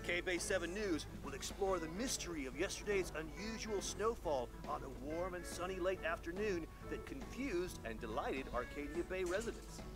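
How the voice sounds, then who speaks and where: An actor voicing an upbeat male TV news anchor reading a promo in a video game. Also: high voice.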